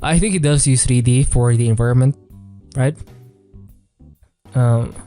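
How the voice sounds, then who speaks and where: A man's voice: medium pitch, measured pace, soft background music. A man giving casual, rambling commentary on artwork, full of fillers and hedging phrases. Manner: relaxed, rambling, many fillers and "kind of". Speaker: artist reviewing artwork.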